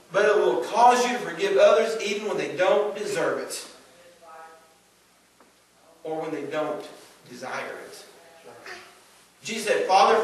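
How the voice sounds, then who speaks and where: Southern preacher in an echoey church. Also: male voice, high-pitched, recorded from a distance. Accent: Southern American. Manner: preaching with emphatic swings from loud to hushed. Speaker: pastor. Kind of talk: sermon. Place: church sanctuary.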